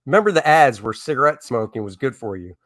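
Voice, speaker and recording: A man's voice: mid-range voice, very animated, fast, a bit bright, no room sound, studio quality. A middle-aged man hosting a comics live stream, chatting casually and reading viewer comments in a rambling way. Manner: rambling, chatty, with many fillers and asides.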